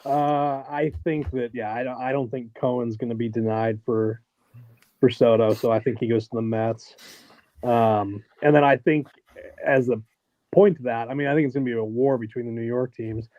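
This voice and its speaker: A man on a sports podcast giving measured analysis, thinking aloud with fillers. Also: medium pitch, fairly even intonation, dark tone, dry recording. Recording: dry, slightly dull lo-fi sound.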